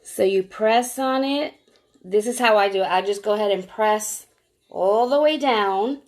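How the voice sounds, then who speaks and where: A woman's voice: mid-range voice, a little slow. A woman with a mid-range voice hosts a casual live-stream demo, explaining each step as she works. She chats easily and calls out to viewers by name. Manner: chatty, walks viewers through each step; greets viewers by name while demonstrating. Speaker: nail strip seller.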